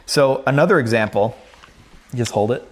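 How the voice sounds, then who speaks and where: A man who is a dog trainer, teaching a new trainer in a relaxed conversational way and checking in often. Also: mid-range voice, normal speed. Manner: conversational, repeats points, checks in with "right?". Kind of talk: hands-on training explanation.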